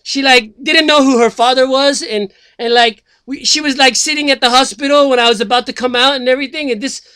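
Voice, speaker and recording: Man doing a rambling slacker guy running for president, bright, smooth, swears, loses track. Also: extremely high pitch, steady tone, a little fast, no room sound. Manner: rambling, filler-heavy, swears, loses his thread. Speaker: self-styled presidential candidate. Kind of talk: comedic character monologue.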